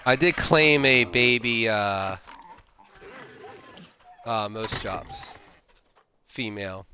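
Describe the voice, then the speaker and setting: A man's voice: fairly low pitch, extremely slow, sharp tone, slight background noise. A man streaming a survival game, casually thinking aloud with lots of fillers and restarts. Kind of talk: casual gameplay commentary.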